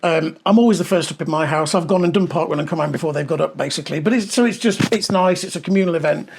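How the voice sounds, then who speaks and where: A man's voice: on the high side, fast talker, creaky, background noise. A middle-aged man chatting on a podcast, telling stories at length with many ums, on a clip-on mic. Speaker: podcast co-host. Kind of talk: casual podcast chat. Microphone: clip-on mic with clothing rustle.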